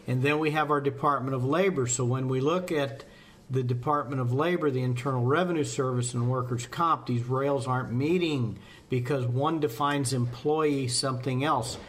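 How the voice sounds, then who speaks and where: A man from the fire service discusses volunteer staffing on a podcast, in a casual, folksy, rambling way with self-deprecating jokes. He speaks at medium pitch and a moderate pace.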